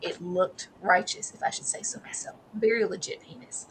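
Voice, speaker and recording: A woman co-hosting a TV review in casual, animated chat, calling people "girl" and "baby.". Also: lowish voice, moderate pace, few pauses, husky, low-quality recording. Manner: animated, slips into playful character voices and laughs often; familiar, peppered with "girl" and "baby". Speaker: co-host reviewing a TV series.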